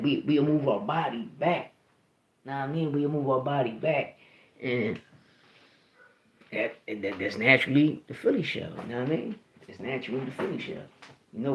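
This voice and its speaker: A man's voice: mid-range voice, normal speed, a little mellow, a little hiss or hum. Rambling Philly man in an echoey room. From Philadelphia, USA. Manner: profane, rambling, with many restarts and "you know what I mean". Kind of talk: casual storytelling.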